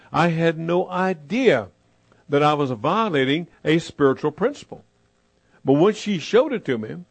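A man preaching a sermon as pastor, emphatic, repeating his phrases and slowing down to stress them. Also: on the high side, dry recording.

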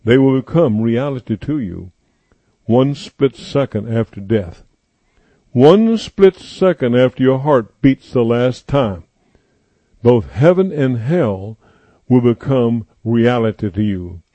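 A male preacher delivering a sermon, repeating his points slowly and with emphasis. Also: medium pitch, animated, mellow, dry recording. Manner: slow emphatic repetition, declaring.

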